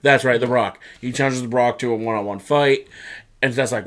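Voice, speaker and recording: A man co-hosting a casual wrestling recap, talking in an animated way and acting out the wrestlers' lines in put-on voices. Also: mid-range voice, a little fast. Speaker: podcast co-host.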